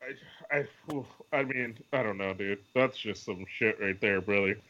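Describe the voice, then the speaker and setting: Podcast cohost guy, bright bouncy voice, says dude a lot, kinda dull lo-fi audio. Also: lowish voice, unhurried. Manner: laid-back, profane, says dude and bro. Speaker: podcast co-host. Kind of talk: casual chat.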